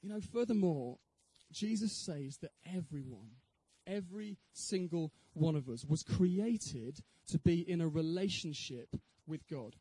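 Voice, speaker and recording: A man speaks at an evening Christian talk, sharing his own testimony and putting questions to his listeners in an earnest tone. His voice sits high yet mellow, with a husky edge. The recording is dry and close, with no room sound. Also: lively intonation, a little slow, hardly any pauses, dry recording, low-quality recording. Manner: earnest, rhetorical questions to the audience. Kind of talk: evangelistic talk with personal testimony.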